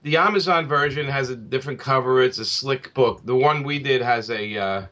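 A man's voice: mid-range voice, moderate pace, pushed and bright. A man speaking as a comic book creator in a casual interview, rambling with many restarts and fillers. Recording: slightly dull lo-fi audio.

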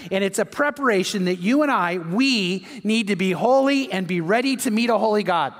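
An older male pastor delivers a sermon in a fairly high voice. He tells family stories and then presses his point with emphasis. His words ring out with the long echo of a large hall. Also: lively intonation, normal speed. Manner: warm anecdotal storytelling, then emphatic preaching. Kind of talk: sermon with storytelling.

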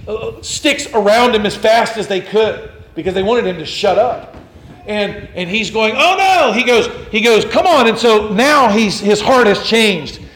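A pastor delivers a sermon in a high, fairly bright voice, with slight noise in the background. He tells a story dramatically, acting out the quotes and building to intense emphasis.

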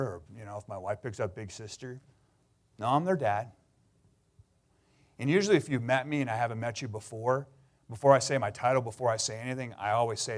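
A middle-aged pastor from Canada giving a sermon, telling personal stories in an earnest, sometimes emotional way. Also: male voice, medium pitch, brisk.

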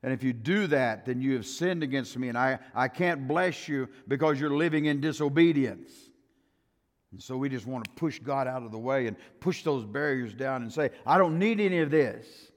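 An older man preaching a sermon in a folksy style, acting out quotes and swinging between loud and soft. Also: mid-range voice, moderate pace. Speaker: pastor. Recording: long reverb of a church hall.

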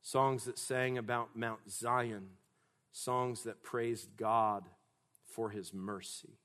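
A man preaching a sermon emphatically, rising to loud, forceful passages. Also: medium pitch, steady tone, slow pace.

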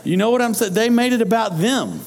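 A man's voice: sits high, animated, brisk, gravelly, darkish tone, a little hiss or hum. Conversational man preaching. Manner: conversational, repeats words and restarts often. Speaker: pastor. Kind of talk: sermon.

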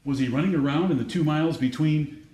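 A man's voice: fairly high pitch, fast talker, mellow, slightly rough. A man preaching a Bible-teaching sermon who reads scripture aloud in a raised, declaiming voice and asks the audience questions. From United States.

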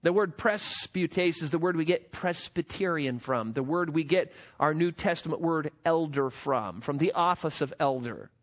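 High-voiced emphatic male preacher. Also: moderate pace, few pauses. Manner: emphatic, rhetorical questions. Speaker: pastor. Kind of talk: sermon.

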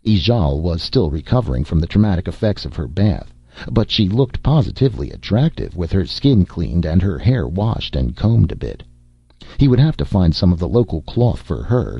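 A man narrating a novel as an audiobook reader, with an expressive, varied delivery. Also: low voice, husky, no room sound. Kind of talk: scripted narration. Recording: dull, dry lo-fi recording.

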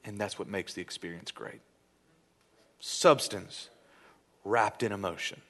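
A man preaching a sermon in church as pastor, animated and playful, acting out little scenes. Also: fairly low pitch, a little slow.

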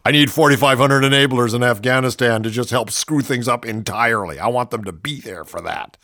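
A man's voice: medium pitch, a little fast, bright, forceful tone, no room sound, clean studio sound. A man reading passages from a book aloud and breaking off into sarcastic, mocking asides.

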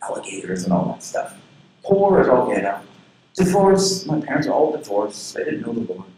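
Earnest preacher man, very echoey hall. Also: normal speed. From southern Florida. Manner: earnest, personal storytelling with lively pitch swings. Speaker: pastor. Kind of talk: sermon. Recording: very echoey room with faint background noise.

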